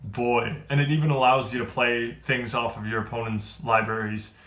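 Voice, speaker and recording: A man giving a casual, excitable card-game review, rambling and trailing off quieter at the ends of thoughts. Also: medium pitch, normal speed. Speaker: card game video creator. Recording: roomy echo.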